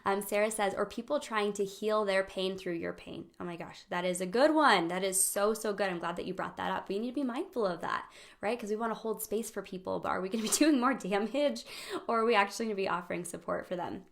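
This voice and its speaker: Young woman, gravelly voice, casual live teaching, animated, laughs a lot. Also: medium pitch, fast. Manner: animated, laughs often, acts out quoted voices. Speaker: host of a friendship training.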